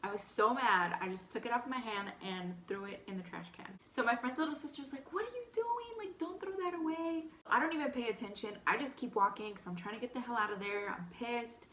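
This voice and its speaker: A young woman with a light Texan accent casually telling a personal story between bites, animated and candid, full of "like". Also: medium pitch, a little fast, hardly any pauses, echoey room, slight background noise. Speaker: vlogger. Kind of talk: storytime eating show chat.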